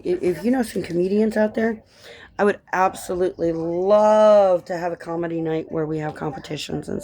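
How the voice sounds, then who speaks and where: A woman's voice: lowish voice, a little mellow. Chatty woman from Colorado. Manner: chatty, tangent-prone, encouraging. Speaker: vlogger and author. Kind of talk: casual rambling chat.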